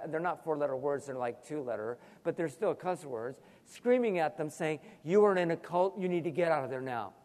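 A male pastor preaching a sermon, animated, with sudden emphatic rises and asides. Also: fairly high pitch, long reverb tail.

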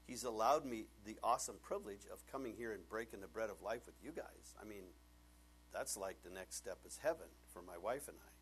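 A male pastor preaching a sermon, animated and laughing often, acting out bits of dialogue in changing voices. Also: lowish voice, fairly quick, slight background noise.

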